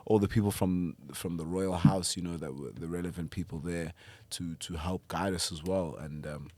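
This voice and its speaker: A man with a very low voice talks as an interview guest about his acting work. He comes across as humble and thoughtful, and he trails off and restarts as he feels his way through his answers. The sound is close and dry. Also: moderate pace, a little mellow, dry recording. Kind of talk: casual interview.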